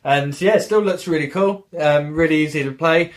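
A man's voice: on the high side, moderate pace. A man hosting a casual gaming podcast, rambling through stories with plenty of swearing. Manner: rambling retelling with swearing and acted-out quotes. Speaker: podcast host.

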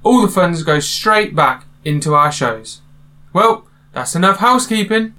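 A man's voice: high voice, measured pace. A man hosting a film podcast and chatting casually with friends. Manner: upbeat announcer-style intro, then relaxed banter. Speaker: podcast host.

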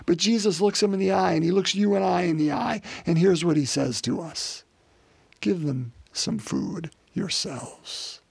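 Gravelly-voiced man preaching a sermon. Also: high voice, brisk, few pauses, darkish tone, no room sound. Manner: earnest preaching with repeated restarts and rhetorical questions.

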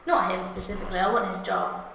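A woman's voice: lowish voice, very animated, quick pace, fairly bright tone, a little hiss or hum. A woman in a casual group chat, gossipy and upbeat. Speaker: podcast guest. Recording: echoey room.

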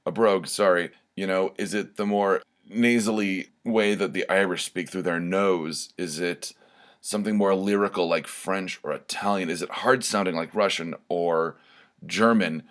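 A man's voice: low-pitched, fairly even intonation, moderate pace, fairly bright tone. A man hosting his own podcast, talking casually and rambling with frequent ums as he thinks aloud. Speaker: podcast host. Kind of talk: casual solo podcast talk.

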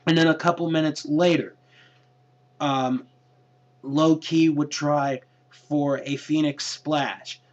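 A man casually recapping a wrestling show in a hesitant way, often pausing on fillers. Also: fairly high pitch. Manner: hesitant, with many fillers and restarts. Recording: lo-fi dull recording.

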